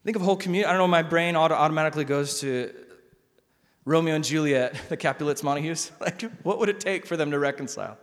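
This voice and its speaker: A male pastor preaching a sermon in a conversational, animated way, often repeating words. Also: a little high, fast. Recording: long hall reverb.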